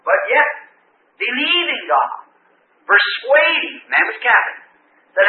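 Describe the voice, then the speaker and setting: A man with a high voice preaches fervently to a congregation. His folksy storytelling rings through an echoey hall. The old recording sounds thin and tinny, with a faint hiss underneath. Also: expressive, unhurried. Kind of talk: sermon. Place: church or meeting hall with an audience.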